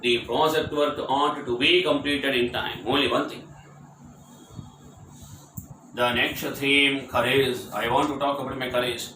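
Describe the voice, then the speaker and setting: A man's voice: medium pitch, flat delivery, a little slow, pauses often, bright, forceful tone, a little hiss or hum. A man teaching English grammar, drilling short example sentences over and over with emphatic repetition. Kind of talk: grammar lecture. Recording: distant mic in an echoey room.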